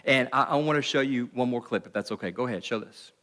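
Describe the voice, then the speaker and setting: A man's voice: mid-range voice, fairly bright tone. Pastor guy preaching, earnest, stumbles and repeats himself, churchy hall echo. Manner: earnest, halting, repeats words. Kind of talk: sermon.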